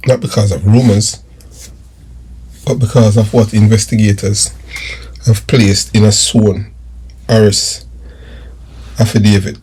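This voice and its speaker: Jamaican male crime-vlog host, husky, low-pitched, emphatic and repetitive. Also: flat delivery, unhurried, pauses often, warm tone. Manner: emphatic, repeats phrases for stress. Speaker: crime news channel host. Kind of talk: commentary vlog.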